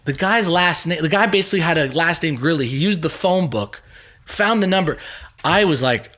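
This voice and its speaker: A man's voice: fairly high pitch, expressive, moderate pace, sharp tone. A man from Montreal's West Island hosting a podcast, telling rambling anecdotes casually. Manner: rambling anecdotes with laughs and restarts. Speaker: podcast host. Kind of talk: casual storytelling chat.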